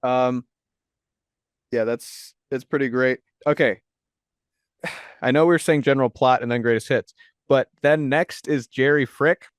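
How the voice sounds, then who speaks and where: A man's voice: medium pitch, fairly even intonation, a little slow, pauses often, no room sound. Dry-sounding man chatting about films. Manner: rambling, filler-heavy, enthusiastic. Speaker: podcast host. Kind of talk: casual movie discussion.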